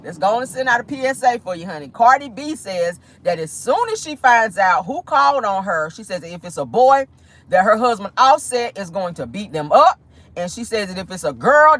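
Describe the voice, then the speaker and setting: Woman gossip host, AAVE, sassy and profane, lively swooping pitch. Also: slight background noise, poor audio. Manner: sassy, profane, laughing often, acts out quotes. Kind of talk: casual commentary to viewers.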